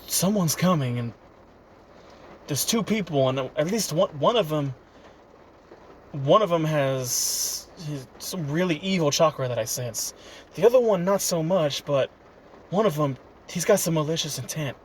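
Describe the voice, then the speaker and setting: A man voicing an alert young female ninja who senses danger, speaking in a hushed, warning tone. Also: fairly high pitch, expressive, unhurried, slight background noise, rough recording. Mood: alarmed.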